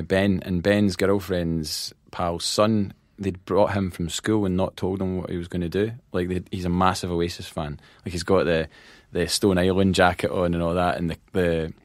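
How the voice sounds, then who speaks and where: On a podcast, a low-voiced Scottish band manager laughs often while spinning lively anecdotes and acting out quotes in casual conversation. The recording is dry.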